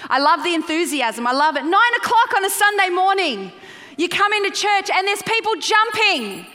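A woman's voice: extremely high pitch, sing-song, sharp tone. A woman preaching to a congregation in a church, enthusiastic and emphatic. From Australia. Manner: enthusiastic, emphatic, speaking slowly and deliberately. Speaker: guest preacher. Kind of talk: sermon to a congregation. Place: large church hall. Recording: long reverb of a large church.

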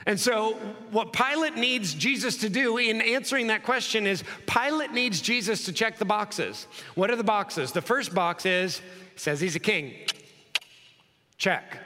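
A man preaching an expository sermon in a bright, high voice. He acts out the scenes in quick dialogue, then drops low and slow to press a point. His words ring out with a long hall reverb. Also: expressive. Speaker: pastor.

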